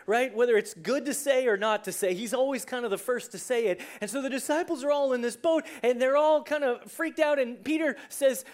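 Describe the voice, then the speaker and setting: A preacher delivering a sermon in a conversational way, telling the story with lively asides and acting out the scenes. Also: high voice, brisk, few pauses. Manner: animated storyteller who acts out scenes.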